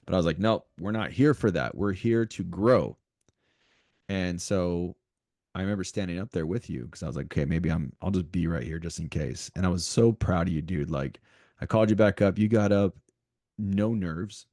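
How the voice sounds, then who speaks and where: Casting: male podcast co-host, very low voice, dry close sound, animated motivational chat. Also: moderate pace, dry recording. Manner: animated, repeats himself, talks straight to listeners.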